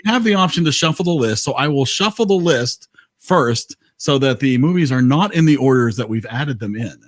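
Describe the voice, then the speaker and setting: Animated, chatty man on a call. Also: mid-range voice, a little fast, dry recording. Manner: chatty, laughs often, many fillers. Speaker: host of an online movie night. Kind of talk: casual group chat.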